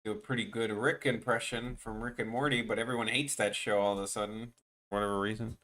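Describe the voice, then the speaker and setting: A man's voice: lowish voice, fairly even intonation, fast, a bit bright. A man chatting casually with viewers on his animation live stream, rambling and joking, often trailing off mid-sentence.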